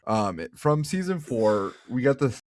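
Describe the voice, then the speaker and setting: A man's voice: medium pitch, measured pace, slight background noise. A man co-hosting a podcast, musing through theories in a hedging, casual way. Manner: lively, musing, hedging speculation. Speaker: podcast co-host. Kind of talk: casual chat.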